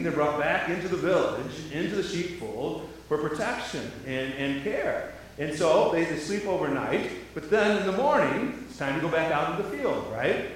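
Echoey pastor preaching from afar. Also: male voice, fairly high pitch, slight background noise. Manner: repeats words, asks rhetorical questions. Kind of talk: sermon. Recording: very echoey hall, mic at a distance.

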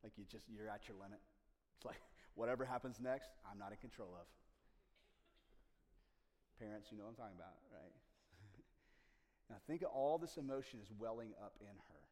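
A man preaching a sermon as pastor, swinging from loud, passionate rises to hushed near-whispers. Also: fairly low pitch, moderate pace, long pauses. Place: church sanctuary. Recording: long reverb of a large room.

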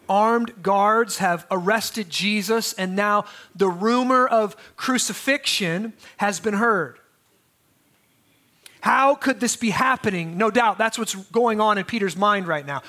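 A man's voice: sits high, fairly bright tone. A man preaching a sermon as pastor, in a conversational way with restarts and asides.

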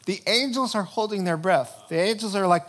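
A man preaching a sermon, retelling a story with lively acted-out character voices and chuckles. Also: sits high, brisk.

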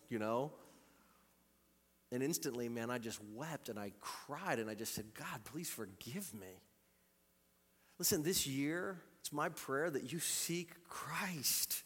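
A male pastor delivers an impassioned sermon with a bright, forceful voice, moving between loud appeals and hushed stretches. He repeats key phrases for emphasis. The live church recording carries a long, echoing hall reverb. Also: fairly high pitch. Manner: impassioned preaching that swings from loud calls to quiet, intimate passages. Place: church sanctuary.

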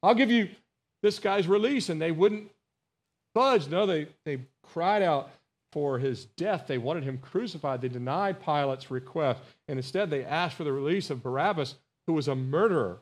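A man's voice: fairly high pitch, animated, moderate pace. A male pastor preaching a Bible study sermon, earnest and emphatic, repeating words and calling out to his congregation. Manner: earnest, emphatic, rising on key phrases, asks the congregation "Amen?"; repeats words and restarts phrases.

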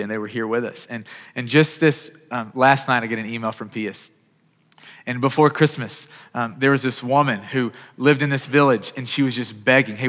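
A man's voice: medium pitch, fairly bright tone, big-room sound. A man preaching a sermon as pastor, earnest and urgent, often repeating words as he starts a phrase.

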